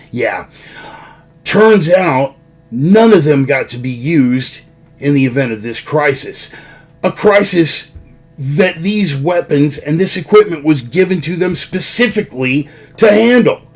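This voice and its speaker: Sarcastic male online preacher, husky and unhurried, rants with a sneer. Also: medium pitch. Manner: sarcastic and ranting, swearing. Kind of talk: sardonic political sermon.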